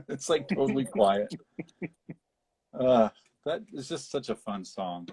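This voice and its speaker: A man co-hosting a casual podcast, recapping a film in a rambling, animated way with frequent laughter. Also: medium pitch, slow pace, pauses often, slight background noise. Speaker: podcast co-host. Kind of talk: casual film discussion chat.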